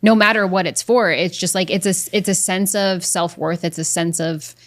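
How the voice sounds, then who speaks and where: A woman hosting her own podcast in candid conversation, chatty and quick to laugh, with casual swearing. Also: on the low side, steady tone. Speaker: podcast host. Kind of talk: candid unscripted podcast talk.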